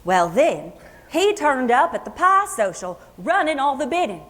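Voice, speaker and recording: A plainspoken Kentucky country singer, played by an actress, spins her memories in a folksy, chatty way with a thick Appalachian accent. Her voice sits high. It rings with a long reverb through the luncheon hall. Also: very animated, fairly bright tone, exaggerated voice. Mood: reminiscing. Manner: folksy, chatty, unhurried storytelling. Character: homespun Kentucky country singer woman, plainspoken, fond storyteller. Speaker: actress in a historical portrayal. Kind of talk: first-person historical monologue. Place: luncheon hall before an audience.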